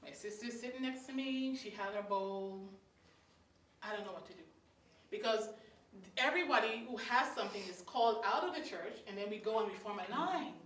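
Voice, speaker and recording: A woman with a Guyanese accent telling a childhood story live to an audience, lively and acting out the scenes. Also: mid-range voice, brisk, a little hiss or hum. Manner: animated, acts out scenes, laughs. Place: hall at a story circle. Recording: roomy hall, mic far off.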